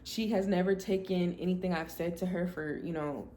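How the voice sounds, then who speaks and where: Blunt, expressive woman podcast host. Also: fairly low pitch, moderate pace, a little hiss or hum. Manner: blunt, expressive, animated when quoting herself. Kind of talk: candid personal storytelling.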